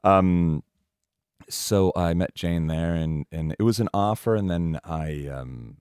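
A middle-aged man, a guest actor, chatting casually in an interview and rambling with many pauses and fillers. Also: deep voice, darkish tone, clear, resonant tone, no room sound, clean studio sound. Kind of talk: casual radio interview chat.

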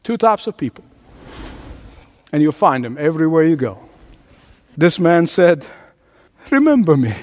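A man's voice: fairly high pitch, lively intonation, measured pace, pauses often, darkish tone, in a large hall. A man preaching a sermon as pastor, emphatic and repeating his phrases for force.

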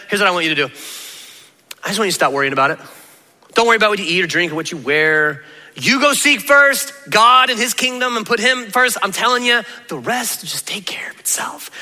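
A man preaching a sermon in an animated, conversational way, with sudden jumps up in pitch. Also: long reverb tail. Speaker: pastor.

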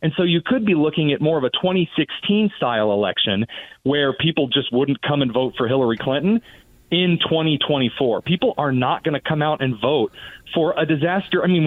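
A sarcastic, animated man speaks as a guest commentator on political talk radio, mocking the other side with little put-on voices. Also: on the high side, no room sound. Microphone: phone line. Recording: tinny phone-line sound.

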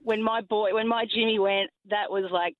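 A woman calling in to a radio show, talking in an earnest, emotional, halting way. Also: medium pitch, steady tone. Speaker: caller. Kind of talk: phone-in call. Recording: tinny phone line.

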